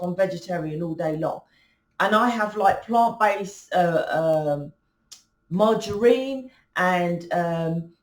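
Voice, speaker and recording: A woman's voice: medium pitch, echoey room. A woman hosting a spiritual channel, talking casually and rambling with many restarts and fillers. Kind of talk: casual spiritual talk to camera.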